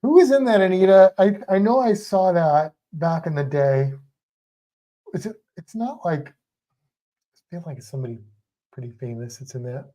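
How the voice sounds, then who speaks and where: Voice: mid-range voice, expressive, moderate pace, long pauses, warm tone. A livestream co-host in casual chat, rambling and restarting sentences while talking eagerly about movies. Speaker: teaches a class about sharks.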